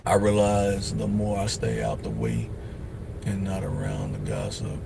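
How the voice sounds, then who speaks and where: A man hosting a livestream, giving casual life advice in a blunt, profane, preachy way, often mimicking other people in quick asides. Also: sits low, sing-song, creaky, warm tone, slight background noise. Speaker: livestream host.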